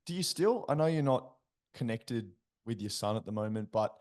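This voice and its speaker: Male podcast host, mellow, low, conversational. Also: expressive, normal speed. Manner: conversational, probing, hesitant. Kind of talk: interview questions.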